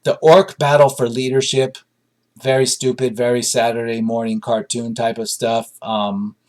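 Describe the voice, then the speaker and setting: A man's voice: medium pitch, flat delivery, normal speed, a little mellow. A man giving a casual spoken film review, rambling and dry, with frequent ums and side remarks.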